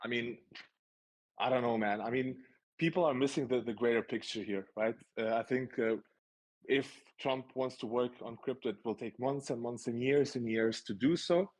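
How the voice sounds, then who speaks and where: Male co-host, mid-pitch, hesitant, stammers and checks for agreement. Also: moderate pace. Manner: hesitant, stuttering restarts, seeking agreement. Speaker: market analyst stream co-host. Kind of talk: casual livestream chat.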